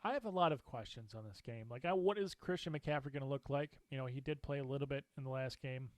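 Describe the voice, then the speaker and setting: A man co-hosting a casual sports talk show, animated and opinionated, laughing often as he makes his picks. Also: mid-range voice, fast talker, no echo. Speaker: co-host.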